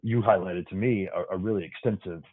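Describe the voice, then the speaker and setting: A man's voice: low-pitched, fairly quick, slightly rough, no room sound. A man who works as an emergency physician, a guest on a podcast, upbeat and explaining things plainly. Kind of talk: casual podcast interview. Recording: dry, phone-like remote line.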